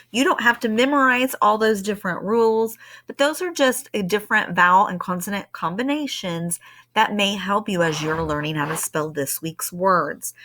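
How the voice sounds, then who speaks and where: Bright-voiced woman teaching a spelling lesson. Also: lowish voice. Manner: patient, explains step by step. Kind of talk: recorded spelling lesson for students.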